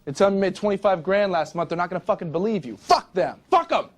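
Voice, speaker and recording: A man's voice: rapid-fire, lightly acted. A man playing a cocky rich young broker. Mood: boastful. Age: 20s. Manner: brash, profane recruiting pitch. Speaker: stockbroker boss. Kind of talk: film monologue.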